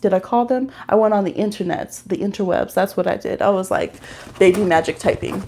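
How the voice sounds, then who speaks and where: A woman does tarot readings on a laid-back livestream, talking briskly with some vocal fry over slight background noise. Her tone stays soft and caring for the cards, then grows animated and chatty in her anecdotes, full of laughs and high squeals.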